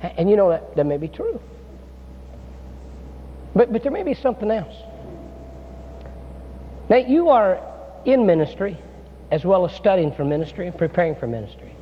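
A man's voice: sits high, big pitch swings, moderate pace, pauses often, a little hiss or hum. A man preaching a chapel sermon as a guest preacher, folksy and storytelling, with many filler "uh"s. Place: seminary chapel. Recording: dull sound in a reverberant hall.

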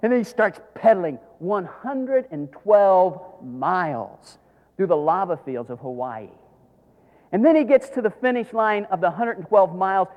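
A middle-aged man, preaching a sermon as a pastor, telling stories dramatically and swinging from hushed tones to shouts. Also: high voice, lively intonation, measured pace, muffled recording. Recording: long hall reverb.

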